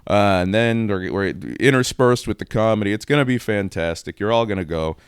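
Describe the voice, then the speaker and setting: Young dude cracking jokes on his podcast, laughs a lot, smooth clear voice, dry mic. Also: fairly low pitch, brisk, no room sound. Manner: joking, laughs often. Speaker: podcast co-host. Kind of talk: casual chat.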